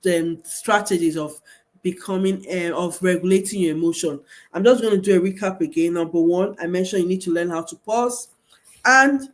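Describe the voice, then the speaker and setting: A woman teaching parents as a coach, emphatic and repetitive, asking rhetorical questions. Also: medium pitch. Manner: emphatic, repeats key points, asks rhetorical questions.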